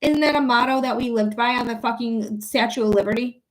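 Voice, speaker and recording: A woman's voice: fairly high pitch, fairly quick. A woman hosting a psychic livestream, thanking viewers and ranting angrily with lots of swearing. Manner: swears freely, talks straight to viewers. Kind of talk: casual livestream chat and ranting.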